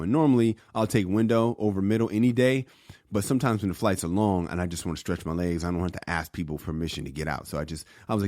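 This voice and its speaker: A man co-hosting a podcast, telling stories in a casual, animated way and acting out the voices of the people in them. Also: low-pitched, no echo, clean studio sound. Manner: animated storyteller, acts out voices. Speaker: podcast co-host and comedian. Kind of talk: casual storytelling chat.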